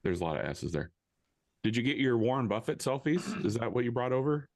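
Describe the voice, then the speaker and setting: A man's voice: medium pitch, very animated, fairly quick, darkish tone. A man co-hosting a podcast in casual chat, making dry teasing remarks. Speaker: podcast co-host.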